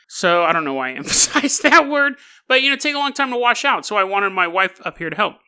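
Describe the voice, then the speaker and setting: A man's voice: high voice, very animated, brisk, pushed and bright, smooth. A man hosting a podcast, telling a strange story in a casual, wry way and laughing at his own asides. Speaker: podcast host.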